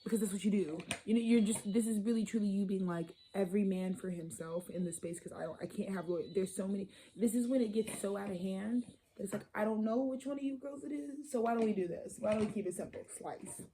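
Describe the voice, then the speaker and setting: A woman's voice: mid-range voice, fast talker, mellow, slight background noise, low-quality recording. A woman giving a casual tarot reading, blunt and profane, rambling and sometimes dropping into a whisper. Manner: drops into whispers. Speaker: tarot reader.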